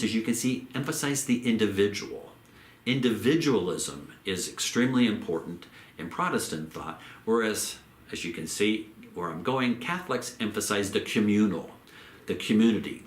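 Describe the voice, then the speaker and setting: Lively low-voiced male lecturer, echoey room. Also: a little hiss or hum. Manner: measured, repeats phrases for emphasis, slows on key terms. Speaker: theology lecturer. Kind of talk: recorded lecture.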